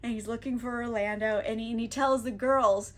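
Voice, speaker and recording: A woman with a high, bright voice tells a story in a loose, chatty way. She rambles, sounds exasperated, and keeps breaking into laughter. She talks like someone who is high. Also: steady tone, fairly quick. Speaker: book reviewer. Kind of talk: casual comedic recap.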